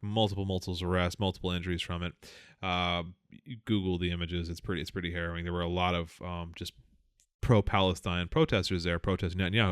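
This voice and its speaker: A man with a lowish, smooth, resonant voice, talking close to the mic in a dry, dead room. He rambles through casual political chat on a podcast, swearing freely and stopping often to restart his sentences. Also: dry recording. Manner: rambling, profane, many fillers and restarts. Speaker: podcast co-host.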